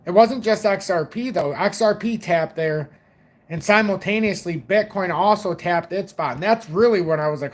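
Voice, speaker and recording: A man's voice: sits high, moderate pace. A young man giving loose, rambling, profane crypto market commentary on his own stream.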